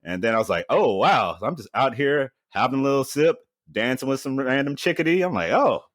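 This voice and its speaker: A man from Houston, co-hosting a podcast in a relaxed, slangy way with easy laughs. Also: medium pitch, fast, dry recording, clean studio sound. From Houston, Texas. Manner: laid-back, slangy, laughs between thoughts. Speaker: podcast co-host. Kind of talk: casual chat.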